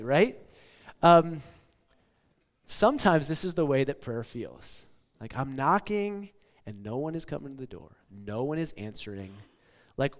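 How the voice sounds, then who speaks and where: A man's voice: mid-range voice, big pitch swings, unhurried, pauses often. A man in his forties preaching a casual, conversational sermon, often checking in with "okay?" and "like.". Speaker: pastor. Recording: long hall reverb.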